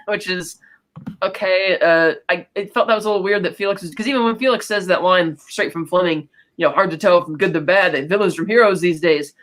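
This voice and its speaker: A man's voice: sits high, a bit bright, rough recording. A man co-hosting a podcast, casually retelling a film's scenes with lots of "you know" fillers. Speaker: podcast co-host. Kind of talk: casual film recap chat.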